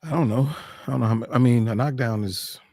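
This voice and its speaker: A man's voice: mid-range voice, fast, darkish tone, no echo, studio quality. A man co-hosting a live fight-talk stream, speaking in a laid-back, casual way, often hesitating and laughing. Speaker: co-host of a live fight show.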